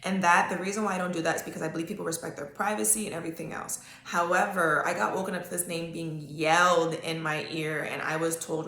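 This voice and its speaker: A woman hosting a solo podcast in a loose, chatty way. She often checks in with her listeners with an okay. Her voice is bright and a little low, and the room around her is echoey. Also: steady tone, fast talker, few pauses, a little hiss or hum. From Canada. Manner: casual, chatty, talks to listeners directly with many okays. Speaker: podcast host. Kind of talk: solo psychic-reading podcast talk.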